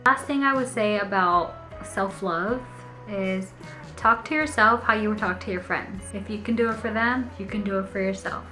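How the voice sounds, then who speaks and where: A young woman vlogging candidly and openly, chatty and laughing often, slowing and softening as she gets emotional. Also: mid-range voice, faint music behind. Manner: open, heartfelt, chatty with frequent laughs; slows and softens when emotional. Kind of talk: candid personal vlog.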